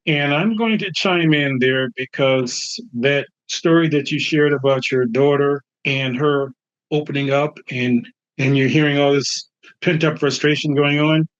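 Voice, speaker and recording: Older male podcast host, dull lo-fi audio. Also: mid-range voice. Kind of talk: casual podcast talk. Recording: dull lo-fi sound.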